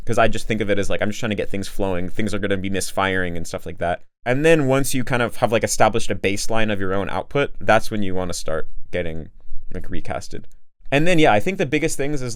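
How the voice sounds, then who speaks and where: A man's voice: lowish voice, dry recording. A young man explaining casually, with many fillers and rambling asides. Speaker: language coach answering a question.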